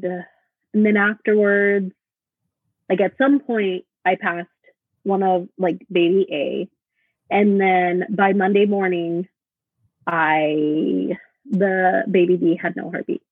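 A woman guest chatting casually on a podcast, telling a personal story in a halting way with lots of fillers. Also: on the low side, fairly even intonation, slightly rough, no room sound. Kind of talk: casual chat. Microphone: video call. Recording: tinny phone-like video call audio.

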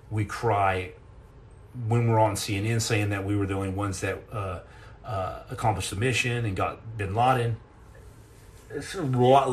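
A man's voice: fairly low pitch, a little hiss or hum. A middle-aged man hosting a casual live chat and answering questions, telling rambling, jokey stories with many restarts and repeated words.

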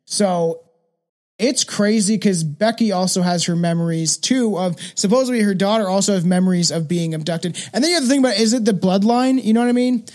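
A man's voice: sits high, a little fast, a little mellow. A man hosting a podcast, rambling casually with lots of fillers and swearing. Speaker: podcast host. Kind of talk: casual chat.

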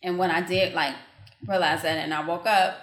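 A woman's voice: fairly low pitch, fairly even intonation, normal speed, fairly bright tone. A woman co-hosting a casual podcast chat, reflective and telling stories, with frequent restarts. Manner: reflective, storytelling, hesitant restarts. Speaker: podcast co-host. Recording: echoey room.

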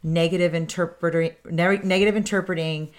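A woman's voice: on the low side, steady tone, fairly quick. A woman co-hosting a podcast with her husband, talking candidly and laughing easily. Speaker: podcast co-host. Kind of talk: casual podcast chat.

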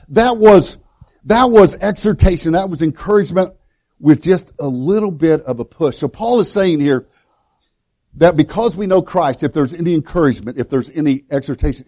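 A male pastor preaching a sermon in a folksy, storytelling way, with many halting restarts. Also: fairly high pitch, darkish tone. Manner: storytelling, folksy and self-deprecating.

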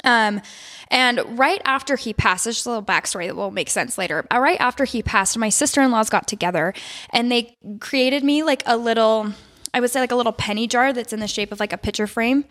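A woman's voice: on the high side, a little fast, fairly bright tone. A young woman co-hosting a podcast, chatting casually and telling a personal story with many ums and likes. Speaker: podcast co-host. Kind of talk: casual chat.

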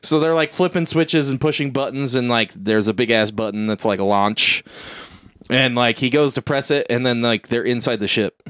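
A man's voice: medium pitch, normal speed, a bit bright, clear, resonant tone, dry recording, studio quality. A man recapping a movie in casual chat, rambling and profane, with lots of "like" and "uh", and acting out the characters' lines.

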